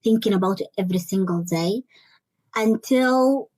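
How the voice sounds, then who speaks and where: A young adult woman guest sharing a personal story in an interview, earnest and halting, often repeating words as she searches for them. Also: medium pitch, a little mellow, no echo, low-quality recording. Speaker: interview guest, life coach. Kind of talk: personal testimony in conversation.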